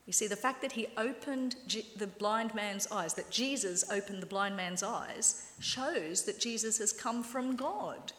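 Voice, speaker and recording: A woman preaching a lively, wry sermon and acting out quoted voices. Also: medium pitch, measured pace, hardly any pauses, slight background noise. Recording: echoey hall with long reverb.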